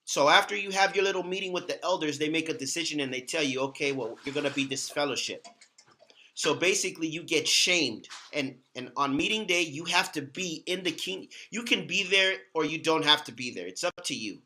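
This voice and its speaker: A man's voice: a little high, animated, brisk, hardly any pauses, sharp tone. A man hosting a casual talk, speaking earnestly and repeating words for emphasis. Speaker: host. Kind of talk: casual talk about his past.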